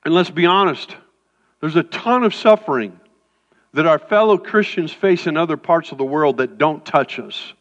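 A male pastor preaching a sermon in a conversational, animated way, breaking off into quick asides. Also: a little high. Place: church sanctuary. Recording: dull sound in a reverberant hall.

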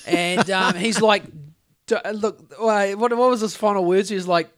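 A high-voiced man with a New Zealand accent, chatting as a podcast co-host. He tells rambling, animated stories and swears freely. The sound is close and dry, with no room echo. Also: moderate pace. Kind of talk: casual chat.

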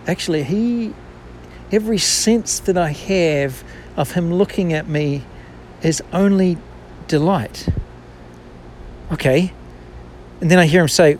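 A man's voice: on the high side, unhurried, slight background noise. A man, a business owner and former banker, telling a personal faith story in a candid, self-deprecating and reflective way.

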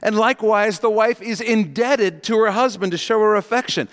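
A man's voice: sits high, expressive, moderate pace, hardly any pauses, a bit bright. A man preaching a sermon, telling stories and stressing key words hard. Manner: emphatic storyteller, leans hard on key words. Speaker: pastor. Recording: long hall reverb.

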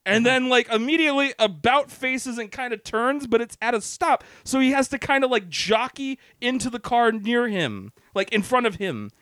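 A man's voice: extremely high pitch, moderate pace, hardly any pauses, no room sound, clean studio sound. A man on a podcast telling a long road story casually, swearing freely and acting out what people said. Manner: animated, profane, acts out quotes. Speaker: podcast co-host.

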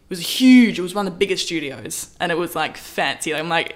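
A woman in casual storytelling, lively, acting out quoted lines with big pitch jumps. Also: brisk. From Australia. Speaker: model, interview guest.

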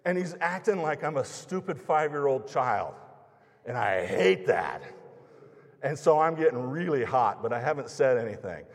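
A man's voice: mid-range voice, big pitch swings, moderate pace. A man preaching through a personal anecdote in a conversational way, acting out the lines of the people in it. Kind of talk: storytelling sermon. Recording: long reverb of a large hall.

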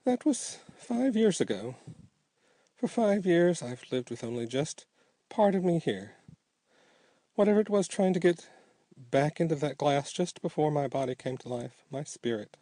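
A man's voice: fairly high pitch, expressive, measured pace, warm tone, dry recording. A man voicing a gaunt, sardonic man who was brought back from the dead and now lives as a walking skeleton. He speaks in a dry, offhand and mocking way.

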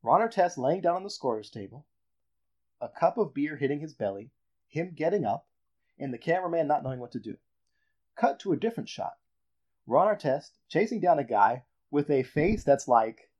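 A man hosting a casual sports podcast chat, telling a story with dramatic build-up. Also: fairly high pitch. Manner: animated storyteller, builds up reveals. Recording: dull lo-fi audio.

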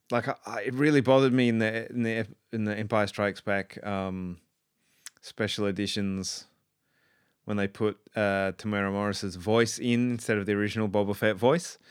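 An Australian man with a somewhat low, clear and smooth voice rambles excitedly through a casual review. He stumbles and restarts often, full of ums. The sound is close and dry. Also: a little slow, no room sound. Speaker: pop culture commentator.

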